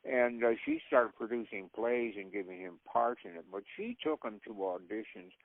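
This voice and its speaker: An older man with a gravelly voice tells rambling stories, laughing often. He is heard over a thin, tinny phone line. The sound is dry, with no room around it. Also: lowish voice, moderate pace, no room sound. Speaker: actor guest. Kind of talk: casual anecdotes.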